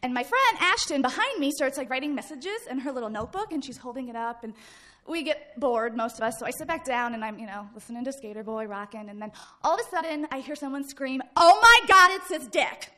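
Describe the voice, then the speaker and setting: Bright, high-voiced woman telling a lively story. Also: fast talker. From Midwest United States. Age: 30s. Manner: lively storyteller, acts out shouts and laughs. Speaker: guest speaker. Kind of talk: personal story told to a live audience.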